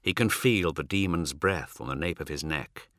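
A man reading a novel aloud as narrator, measured and dramatic. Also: extremely low pitch, a bit bright, no room sound, clean studio sound. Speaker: audiobook narrator. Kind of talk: scripted narration.

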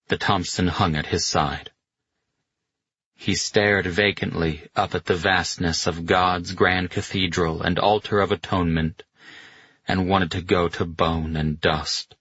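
A man narrating an audiobook in a measured, dramatic way. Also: sits low, fairly bright tone, slightly rough, dry recording. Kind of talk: scripted narration. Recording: slightly muffled dry recording.

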